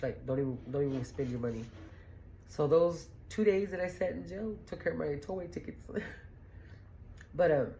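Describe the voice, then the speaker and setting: A woman's voice: sits low, dark tone, a little hiss or hum. Blunt, profane storytelling woman. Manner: blunt and profane, laughing and rambling. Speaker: podcast host. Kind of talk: casual storytelling monologue.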